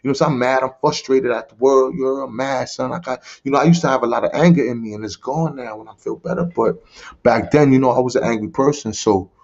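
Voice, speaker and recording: His medium-pitched voice is creaky and a little mellow, with fairly even intonation and a slightly fast pace. This man from the Bronx, New York, is a podcast guest telling his life story in casual conversation, using streetwise slang and often asking "you heard?" The recording sounds dull and lo-fi.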